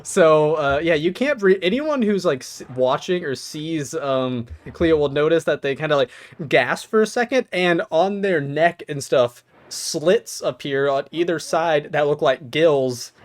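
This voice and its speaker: Here is a man at the head of a tabletop game, narrating scenes and rulings. He sits a little high in pitch for a man and keeps breaking into giggles between lines. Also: lively intonation, a little slow. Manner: giggly, laughs often, lots of ums. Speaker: game master.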